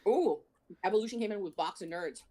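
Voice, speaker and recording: A woman's voice: mid-range voice, brisk, warm tone. A woman co-hosting a live stream, chatting animatedly and reading viewer comments aloud. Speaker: livestream co-host reading chat. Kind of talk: casual chat.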